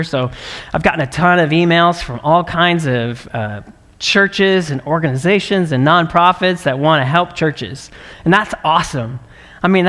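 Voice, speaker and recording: A male pastor delivering a sermon in a conversational, earnest manner, often checking in with a quick "right?". His voice sits a little high for a man, and it rings with the long reverb of a big church sanctuary. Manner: conversational, earnest, warm laughs and frequent "right?". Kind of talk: livestreamed sermon. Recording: long reverb of a large hall.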